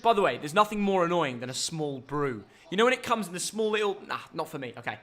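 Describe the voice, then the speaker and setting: A young man hosting a live football reaction stream, chatty and energetic. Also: a little high, fast talker.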